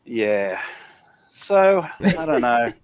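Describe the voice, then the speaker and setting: A man's voice: mid-range voice, sing-song, extremely slow, clear, resonant tone, lo-fi sound. A man hosting a live call-in stream show, exasperated and profane. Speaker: host.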